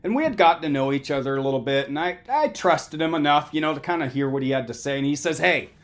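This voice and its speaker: A man's voice: fairly high pitch, lively intonation, fast talker. A middle-aged man lecturing as a counselor, conversational and emphatic, often checking in with "right?". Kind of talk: motivational talk.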